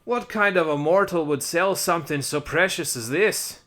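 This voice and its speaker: Man doing a fae creature, mock Irish accent, indignant, loud, drawn-out. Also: fairly high pitch, pitched above the performer's own voice, lightly acted.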